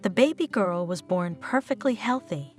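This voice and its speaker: A woman narrating a scripted story in a steady storybook reading manner. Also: mid-range voice, normal speed. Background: faint guitar music.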